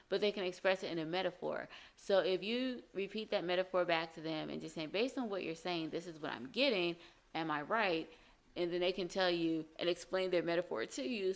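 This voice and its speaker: A woman's voice: lowish voice, vocal fry. A woman hosting a podcast as a relationship coach, talking conversationally and acting out quoted lines. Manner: conversational, acts out quoted lines in varied voices. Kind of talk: solo podcast advice talk.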